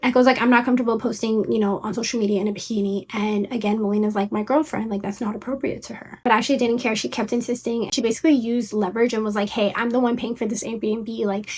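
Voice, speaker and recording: A woman's voice: on the high side, steady tone, a little mellow, breathy edge. A young woman casually retelling a story for a commentary channel, packed with "like" and quoted lines. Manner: rapid, filler-heavy retelling with quoted voices. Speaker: commentary YouTuber.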